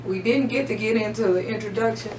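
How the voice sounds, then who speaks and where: Earnest woman hosting talk radio. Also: mid-range voice. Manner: earnest, halting, many fillers. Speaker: radio show host. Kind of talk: casual talk radio chat. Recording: roomy, distant mic with faint hum.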